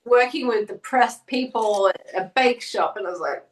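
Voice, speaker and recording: Her voice sits on the high side, moving at a moderate pace with hardly any pauses. She's a middle-aged painter being interviewed, telling chatty stories and performing the quotes, recorded roomy and from afar.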